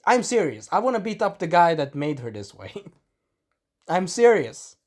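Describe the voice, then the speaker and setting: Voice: mid-range voice, big pitch swings, unhurried. Rambling anime reviewer. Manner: rambling, swears, acts out quotes. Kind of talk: casual spoken review.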